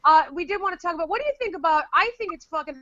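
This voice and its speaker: A woman's voice: very high voice, expressive, racing, bright, forceful tone, no room sound. A woman co-hosting a casual chat show, rambling and swearing freely. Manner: rambling, profane. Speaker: podcast co-host. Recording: dry dull lo-fi recording.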